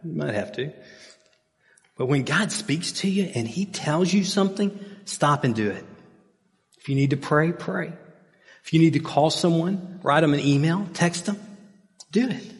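A middle-aged man preaching a sermon in a relaxed, conversational way, telling stories with plenty of fillers and asides. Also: on the high side, moderate pace, long pauses. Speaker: pastor. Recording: long hall reverb.

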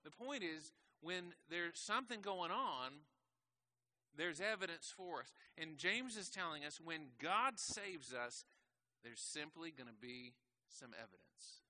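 Bright-voiced male pastor preaching. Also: fairly high pitch, lively intonation, unhurried. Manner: conversational preaching with rhetorical questions. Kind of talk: sermon. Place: church.

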